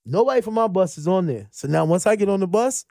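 A middle-aged man, a podcast guest, telling road stories in an animated way, laughing and switching into the voices of the people he quotes. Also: high-pitched, brisk, vocal fry, no room sound, studio quality. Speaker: podcast guest, former streetball player. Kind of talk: animated storytelling.

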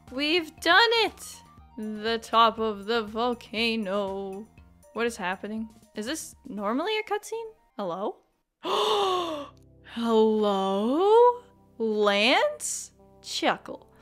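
A young woman hosting a let's play, chatting bubbly and excitable, bursting into squeals. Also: on the high side. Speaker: gaming channel host.

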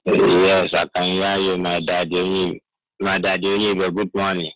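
A man's voice: sits low, completely flat delivery, a little slow, fairly bright tone, no echo, soft background music. A man from Akwa Ibom with a Nigerian Pidgin English accent, calling in on a phone line and heaping rambling praise on the host. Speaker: caller. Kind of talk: phone-in call.

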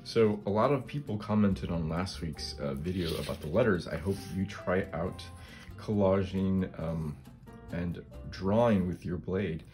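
A man's voice: low-pitched, unhurried, a little mellow, soft background music. A middle-aged man hosting a casual craft demonstration, thinking aloud as he works and often tagging his remarks with a questioning "right?". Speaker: collage artist and channel host.

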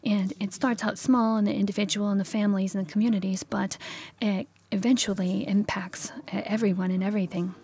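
A woman preaching a sermon in a church, telling a story with many pauses and self-corrections. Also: medium pitch, little pitch movement, darkish tone.

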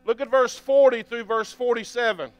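A man's voice: very high voice, fairly even intonation, moderate pace, dry recording, dull audio. A man preaching a sermon as pastor, reading scripture aloud and often asking the congregation for an amen. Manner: reads scripture aloud between remarks.

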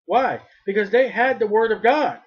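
A man's voice: high voice, animated, normal speed, slightly rough, dull audio. A male preacher giving a fervent sermon, repeating his phrases and rising to cries when he quotes.

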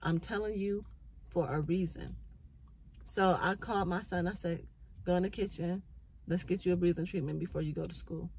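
A woman's voice: lowish voice, fairly even intonation, moderate pace, creaky, darkish tone, a little hiss or hum, low-quality recording. A middle-aged woman, a mother, sharing an earnest faith-based reflection, repeating phrases for emphasis and holding back tears. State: near tears. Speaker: vlogger.

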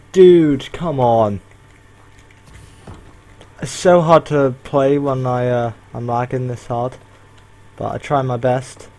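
A young man ranting and swearing through live commentary as he plays an online shooter. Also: mid-range voice. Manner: frustrated, ranting and swearing at lag. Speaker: gaming channel host.

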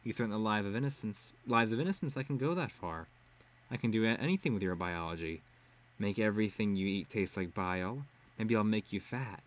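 A man doing a hushed, spiteful teenage girl. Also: medium pitch, big pitch swings, brisk, few pauses, voice pushed up, lightly acted. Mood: menacing. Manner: hushed, menacing. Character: spiteful teenage girl healer whispering threats.

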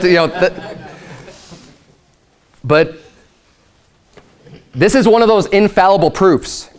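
A male pastor preaching a sermon in an animated, emphatic way, acting out quotes. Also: high voice, slow pace, pauses often.

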